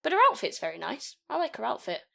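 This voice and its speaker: A woman's voice: fairly high pitch, sing-song, quick pace, gravelly, a bit bright. Chatty woman co-hosting a podcast. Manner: chatty, rambling, laughs often. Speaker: podcast co-host. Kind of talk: casual chat.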